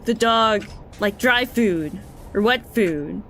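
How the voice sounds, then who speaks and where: A woman voicing a chatty, pushy old man who keeps giving unasked advice, in a raised, loud voice. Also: medium pitch, takes it slowly, slight background noise. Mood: insistent.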